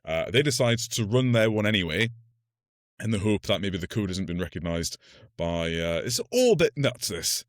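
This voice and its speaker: A man's voice: on the low side, sing-song, normal speed, dry recording, clean studio sound. A man co-hosting a casual film podcast, recapping the plot loosely with lots of "like" and fillers. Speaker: podcast co-host.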